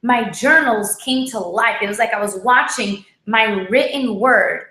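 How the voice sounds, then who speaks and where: A woman co-hosting a casual livestream, telling a personal story in a lively way and often tagging her sentences with "right?". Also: fairly high pitch, unhurried. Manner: lively, repeats "check this out" and "right?". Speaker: co-host. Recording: echoey room.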